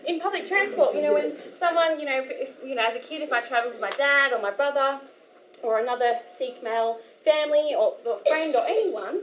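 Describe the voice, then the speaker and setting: A woman's voice: high-pitched, brisk, fairly bright tone. A young Australian woman giving a casual workshop talk to an audience, chatty and full of fillers and restarts. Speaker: workshop speaker. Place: community hall. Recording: echoey hall with faint room noise.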